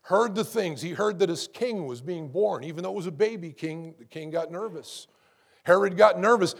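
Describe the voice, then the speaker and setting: A man's voice: sits high, vocal fry. A male pastor preaching a sermon, calling out to the congregation with asides and building to fervent emphasis.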